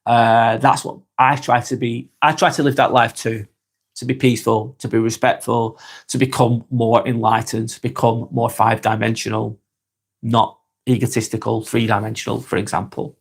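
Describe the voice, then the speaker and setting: A man from northwest England with a Lancashire accent, talking calmly on a live stream, reading out viewer comments and musing with frequent repeats and restarts. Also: mid-range voice, moderate pace, gravelly, breathy edge. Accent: Lancashire English. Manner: calm, musing, repeats words and restarts often.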